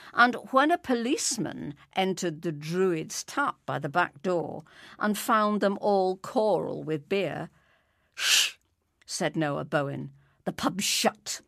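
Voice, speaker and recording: A woman narrating a story in a lyrical, expressive reading. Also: medium pitch, no room sound, clean studio sound.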